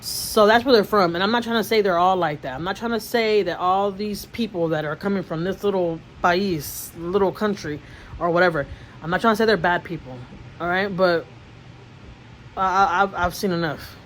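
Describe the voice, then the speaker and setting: A woman's voice: fairly low pitch, moderate pace, a little hiss or hum, poor audio. A woman vlogger chatting casually to camera, rambling and emotional, with frequent restarts and repeated words. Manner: emotional storytelling.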